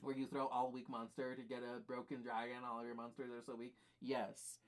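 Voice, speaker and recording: A man's voice: mid-range voice, little pitch movement, brisk. Guy streaming and ranting about games, swears a ton, lots of likes and ums. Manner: profane, rambling, exasperated ranting. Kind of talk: casual live-stream chat.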